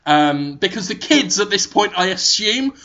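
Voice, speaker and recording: High, bright-voiced man spinning absurd tale. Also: a little slow. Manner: rambling, deadpan absurd pitch with frequent "like" and "um". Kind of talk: comedic improvised storytelling. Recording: muffled lo-fi recording.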